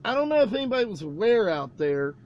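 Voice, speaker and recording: High, lively male co-host, rambling and excitable, swears a lot. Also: quick pace, dull audio, slight background noise. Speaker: podcast co-host. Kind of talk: casual profane chat. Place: live stream setup.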